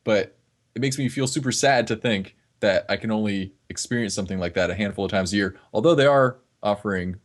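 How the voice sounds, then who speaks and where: A man's voice: fairly low pitch, fairly quick. A man from northeast Florida, a fitness trainer talking earnestly as a podcast guest, often restarting his words. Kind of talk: casual podcast conversation.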